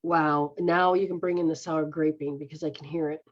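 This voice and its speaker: A woman's voice: low voice, fairly even intonation, moderate pace. A woman healer guiding someone through a healing session, repeating a chant-like refrain and speaking directly to them. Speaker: spiritual healer. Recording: dull lo-fi recording.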